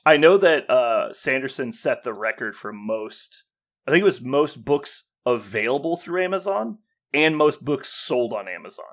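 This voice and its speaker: A man co-hosting a podcast in casual chat, an animated storyteller who acts out both sides of exchanges, swears freely and laughs as he talks. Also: medium pitch, normal speed, highs cut off. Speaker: podcast co-host.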